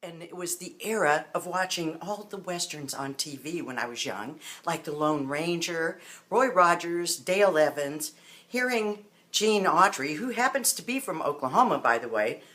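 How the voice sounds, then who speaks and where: A woman's voice: lowish voice, expressive, moderate pace, fairly bright tone. A middle-aged woman from Iowa, chatting upbeat as she presents a home recipe to the camera. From northern Iowa. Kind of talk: casual on-camera cooking video.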